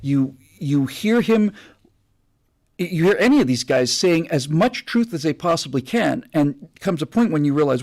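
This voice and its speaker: A man hosting a live stream, telling an anecdote in a casual, animated way with many restarts. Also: on the high side, normal speed. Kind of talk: casual storytelling monologue.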